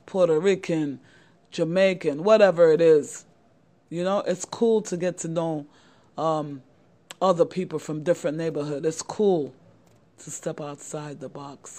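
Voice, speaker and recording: With a deep, warm voice, a middle-aged woman hosting a channel speaks directly to the camera. She gives young men earnest advice in a motivational talk, repeating herself and often calling them "guys."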